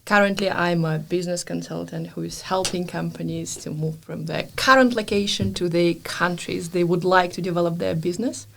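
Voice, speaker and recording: A woman in her thirties from Russia, with a Russian accent, speaking as a guest in a podcast interview. She tells lively stories and laughs often. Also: fairly low pitch, normal speed, creaky, few pauses, slight background noise. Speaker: guest, business consultant. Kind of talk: podcast interview, casual chat.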